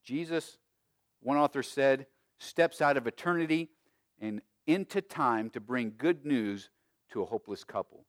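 A man preaching a sermon as pastor, emphatic, with big swings between loud and quiet and frequent restarts. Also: medium pitch, lively intonation, measured pace, dry recording, studio quality. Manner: frequent repeated words and restarts.

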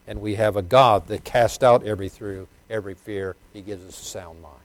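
An older man preaching a sermon, swinging from loud, emphatic bursts to quiet, low asides, chuckling and asking his congregation questions. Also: steady tone, normal speed, no echo.

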